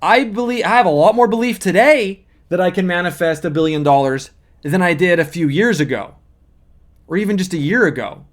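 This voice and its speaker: High-voiced man coaching on manifesting. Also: animated, fairly quick. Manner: earnest, explaining step by step with repeated emphasis. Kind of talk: motivational teaching monologue.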